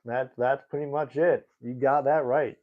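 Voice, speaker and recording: A man's voice: mid-range voice, steady tone, moderate pace. A young man livestreaming in a casual, rambling way, reading chat and talking indignantly. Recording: tinny phone-like audio.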